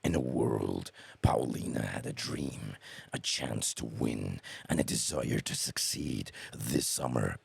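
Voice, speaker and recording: A man voicing a deep movie trailer announcer, gravelly and slow, with dramatic delivery. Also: dry recording, full character voice. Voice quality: gravelly, rumbling.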